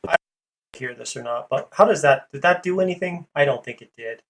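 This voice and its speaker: Gravelly-voiced man hosting a livestream. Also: fairly high pitch, fairly quick, fairly bright tone. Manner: rambling, full of fillers, greets and reads chat. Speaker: livestream host. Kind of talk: casual livestream chat.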